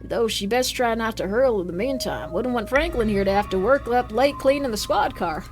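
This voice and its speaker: A folksy small-town police officer with a drawl, as a woman puts it on, easygoing but firm and full of homespun sayings. The voice sits high and swings through a lively, animated melody. Soft game music and crickets hum underneath. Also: moderate pace, natural voice. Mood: folksy stern.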